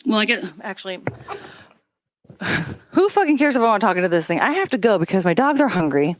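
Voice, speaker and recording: A woman's voice: medium pitch, very animated, brisk, no room sound. A woman hosting a casual livestream chat, rambling and swearing offhandedly as she talks into a handheld karaoke microphone. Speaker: livestream host.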